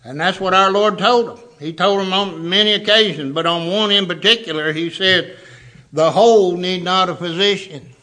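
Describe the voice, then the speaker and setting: A man's voice: high voice, moderate pace, bright, forceful tone. A man preaching a sermon, emphatic, repeating words for stress.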